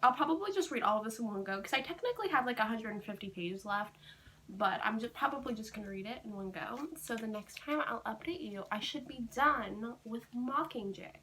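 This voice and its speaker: A woman book vlogger talking casually to the camera, rambling with lots of fillers and gushing excitedly. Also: a little high, brisk, slight background noise. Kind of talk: casual chatty vlog.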